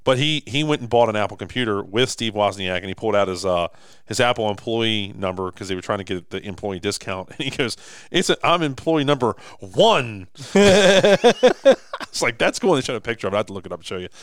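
A man in his thirties co-hosting a podcast, telling stories with lively acted-out quotes. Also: fairly low pitch, quick pace, clean tone, no room sound, studio quality. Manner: animated storyteller, acts out quotes. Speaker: podcast co-host. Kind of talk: casual podcast chat.

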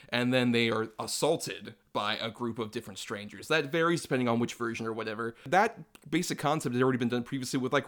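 A man's voice: medium pitch, a bit bright. A man co-hosting a casual movie review podcast, rambling with lots of "like" and hedging asides. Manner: rambling, filler-heavy. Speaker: podcast co-host.

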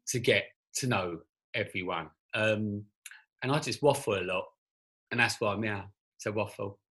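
A man's voice: mid-range voice, sharp tone. A man with a London accent, chatting as a guest on a group call, joking and rambling. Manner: jokey, rambling banter. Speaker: podcast guest, actor and writer. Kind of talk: casual group chat on a call. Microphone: video call.

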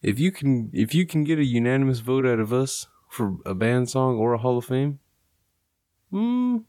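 A man's voice: mid-range voice, big pitch swings, moderate pace, mellow, dry recording. A young adult man hosting a podcast in casual chat, laid-back, swearing and laughing often. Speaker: podcast host.

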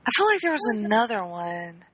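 A woman's voice: medium pitch, sing-song, a little fast, a bit bright, breathy edge, dry recording, low-quality recording. A woman co-hosting a podcast in casual chat, joking, using slang and laughing often. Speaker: podcast co-host.

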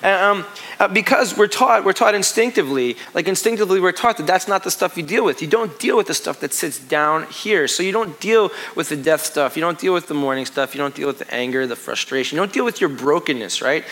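A man in his thirties giving a conversational sermon as pastor, full of restarts and sinking to a hush on heavy points. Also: fairly high pitch, animated, fairly quick.

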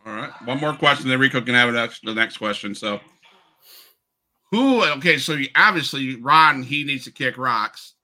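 A man's voice: mid-range voice, moderate pace, sharp tone. A man hosting a wrestling podcast, asking long rambling questions and stirring up rivalries. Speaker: podcast host. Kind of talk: podcast interview.

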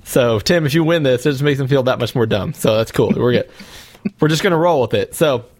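A man's voice: mid-range voice, fairly quick, darkish tone, a little hiss or hum. A man in an easygoing podcast chat, wandering through his thoughts with plenty of fillers and jokes. His voice sits in a middle register. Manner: rambling, joking, filler-heavy. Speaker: podcast host. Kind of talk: casual chat.

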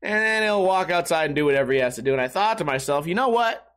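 A man's voice: on the high side, animated, quick pace, fairly bright tone, clear, resonant tone. A young man rambling through a crude, self-mocking comedic monologue as a podcast host.

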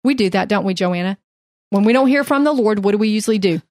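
A woman co-hosting a faith podcast, mixing Bible teaching with earnest, animated storytelling. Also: mid-range voice, fast, no echo, studio quality. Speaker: podcast co-host.

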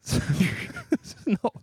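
With a warm voice in a dry, clean studio recording, a young podcast co-host spins a long, self-mocking yarn casually, laughing as he rambles on.

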